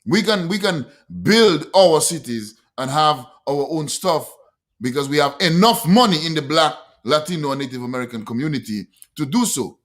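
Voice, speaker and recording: A man's voice: on the high side, lively intonation, moderate pace, fairly bright tone. A man co-hosting a casual talk show, speaking in a preachy, emphatic way. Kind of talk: casual podcast chat.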